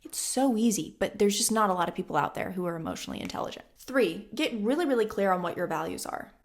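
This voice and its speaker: A woman's voice: medium pitch, animated, fast. A woman in her twenties giving casual self-help advice to the camera, blunt and emphatic, repeating lines for stress. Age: 20s. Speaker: vlogger.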